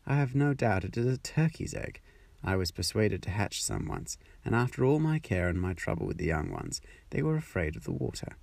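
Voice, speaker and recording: A man's voice: fairly low pitch, big pitch swings, fairly quick, creaky, darkish tone, no echo, exaggerated voice. A man voicing a bossy old female duck who gives know-it-all advice in a storybook.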